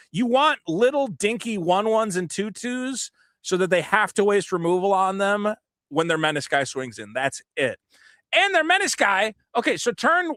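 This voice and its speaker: A man co-hosting a podcast, ranting with animated, profane energy and quoting other players in put-on voices. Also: high-pitched, no echo, clean studio sound. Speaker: podcast co-host. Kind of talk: casual podcast chat.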